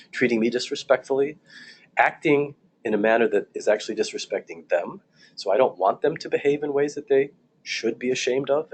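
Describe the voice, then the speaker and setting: A man teaching church leaders in a calm, measured seminar talk, often restarting his phrases and repeating key points. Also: mid-range voice, a little hiss or hum. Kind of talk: recorded seminar lecture.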